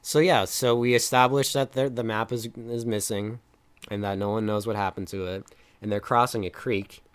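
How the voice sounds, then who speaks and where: Give me a low-pitched young man co-hosting a movie review, chatty and rambling. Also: steady tone, moderate pace, clean tone. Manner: rambling retelling with many fillers, acting out lines. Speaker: film review podcast co-host. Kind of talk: casual chat.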